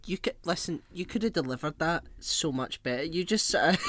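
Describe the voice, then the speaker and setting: A man's voice: a little high, expressive, fairly bright tone, a little hiss or hum. Teasing, sweary man on a podcast. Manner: blunt and sweary, teasing, with quick restarts. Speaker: podcast co-host. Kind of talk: casual chat.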